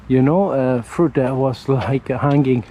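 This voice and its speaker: A man from Italy with an Italian accent, chatting casually on a walking vlog and often pausing to search for words, talking into a camera outdoors on a windy street. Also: mid-range voice, mellow, low-quality recording. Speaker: vlogger. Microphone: camera mic held near the face. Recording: faint wind and traffic noise outdoors.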